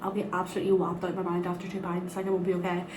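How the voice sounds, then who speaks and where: Talking in bursts at a very fast pace, this young Northern Irish book vlogger has a lowish, monotone voice and swears freely as she chats gigglingly to camera. She's in a bathroom at night, and the echoey room carries background noise.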